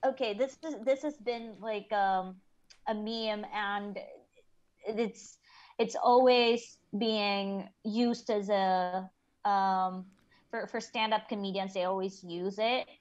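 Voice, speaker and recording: A woman's voice: mid-range voice, steady tone, slow, lo-fi sound. A woman from the Philippines, talking candidly and laughing easily as a podcast co-host. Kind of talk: casual podcast chat.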